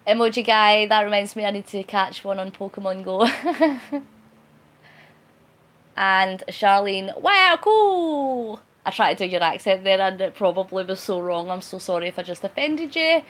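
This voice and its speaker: A woman's voice: mid-range voice, normal speed. A woman chatting casually on a live stream, reading out viewer comments in a cheeky, talkative way with frequent laughs. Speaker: vlogger.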